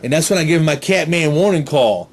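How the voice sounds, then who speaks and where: A middle-aged man performing a stand-up comedy set with a slightly higher voice. He tells his story in an animated way and slips into goofy character voices. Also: quick pace, crowd noise.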